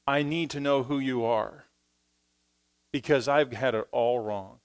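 A man preaching a sermon in church, swinging between quiet, low asides and loud, emphatic passages, speaking into a stage microphone. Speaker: pastor.

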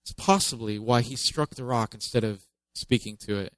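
A male pastor delivers a sermon in a relaxed, conversational manner, slipping in light jokes between scripture readings. His voice sits at a middle pitch and is recorded close and dry, with no room echo. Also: moderate pace. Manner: conversational, joking asides, reads scripture with emphasis.

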